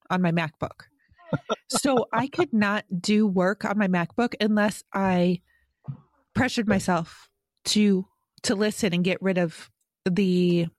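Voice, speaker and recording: A woman co-hosting a podcast in casual chat, talkative and quick to laugh at herself. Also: mid-range voice, a little mellow, dry recording, studio quality. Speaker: podcast co-host.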